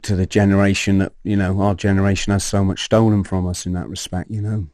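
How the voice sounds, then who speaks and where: A man, a podcast guest telling his personal story in an animated way, swearing and acting out scenes. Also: low-pitched, fast, no room sound, clean studio sound.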